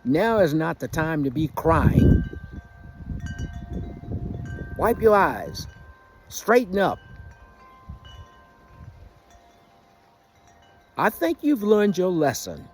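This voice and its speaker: A man's voice: high voice, wildly swooping pitch, slight background noise, heavily acted. A man doing a stern old sheriff grandpa. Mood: commanding. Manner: slow, commanding, lecturing.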